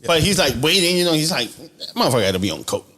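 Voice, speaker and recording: A young man on a casual podcast, telling a work story excitedly and laughing between lines. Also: a little high, rapid-fire, crowd noise. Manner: excited, laughs and mimics customers. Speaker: podcast co-host.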